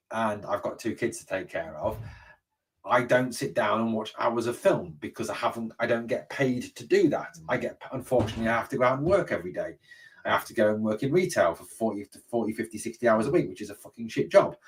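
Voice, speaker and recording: Heard from a distance, a man with a lowish, slightly bright voice and a breathy edge hosts a live stream for his fan channel. He responds to viewer comments bluntly, cursing freely and repeatedly saying "mate" and "obviously."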